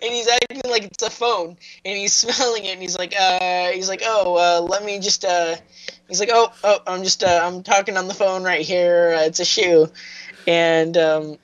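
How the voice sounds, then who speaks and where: A man's voice: sits high, steady tone, moderate pace, a bit bright, poor audio. A man co-hosting a casual review podcast, rambling through plot recaps with lots of fillers. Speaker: podcast co-host.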